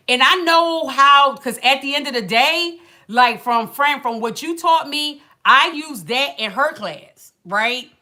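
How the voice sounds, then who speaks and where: Casual: woman on her livestream just venting, bright voice, sighs and does the voices of people. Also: high-pitched. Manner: animated, colloquial storytelling with acted quotes and sighs. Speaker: livestream host. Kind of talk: casual chat, venting story.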